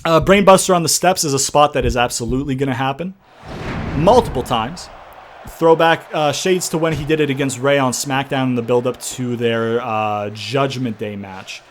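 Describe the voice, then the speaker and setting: A young man commentating his own wrestling game playthrough, swearing and yelling in frustration at the computer opponent. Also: medium pitch, moderate pace, slight background noise. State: sweating from yelling. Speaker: gaming YouTuber. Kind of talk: let's-play commentary.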